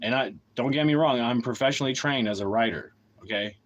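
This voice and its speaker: A man speaking straight into his camera on a livestream, blunt and heavily profane as he rants. He hammers his points with rapid repeated questions, then eases into a looser, talky monologue. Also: medium pitch, rough recording. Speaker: independent writer and streamer. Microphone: camera mic.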